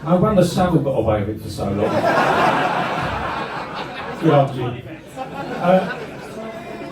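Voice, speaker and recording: A man's voice: medium pitch, warm tone. A man tells a rambling, sweary story on stage and laughs his way through it. He sounds a little far from the mic, in a roomy club. A noisy crowd and music sit behind him. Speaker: comedy band frontman. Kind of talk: live stand-up storytelling.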